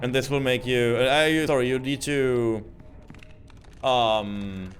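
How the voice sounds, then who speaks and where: A man's voice: medium pitch, slow, soft background music. A man giving casual live-stream gaming commentary, rambling with lots of fillers. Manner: rambling, filler-heavy, animated.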